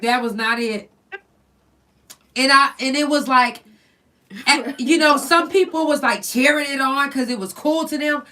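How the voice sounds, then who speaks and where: A woman podcast host talks in a frank, profanity-laced, animated way, spinning stories in loose casual chat. Her voice is bright and forward, with a slightly high pitch. She sits a bit back from the microphone, so the sound has some distance. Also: measured pace, pauses often. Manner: blunt, profane, animated storyteller. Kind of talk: candid casual chat, storytelling. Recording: voice somewhat distant from the mic.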